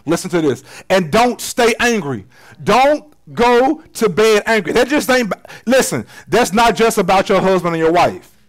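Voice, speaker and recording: A man pastor preaching a sermon in a church, casual and slangy, swinging between loud emphasis and quiet, intimate asides. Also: high-pitched, poor audio. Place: church sanctuary.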